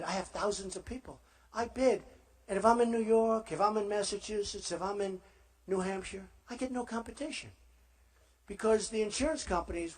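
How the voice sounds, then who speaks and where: Husky-voiced man giving a rally speech. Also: high-pitched, fairly bright tone. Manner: rambling, boastful, repetitive. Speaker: presidential candidate. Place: rally before a live crowd.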